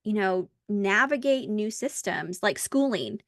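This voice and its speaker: An American woman hosting a casual podcast conversation, telling stories in a lively way and acting out the dialogue. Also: mid-range voice, measured pace, dry recording, studio quality. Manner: animated storyteller who acts out dialogue. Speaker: podcast host.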